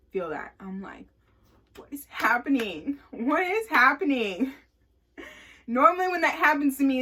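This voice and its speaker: A young woman casually telling a story, animated, acting out what people said, with lots of fillers. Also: medium pitch. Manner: animated, acts out quotes, many fillers.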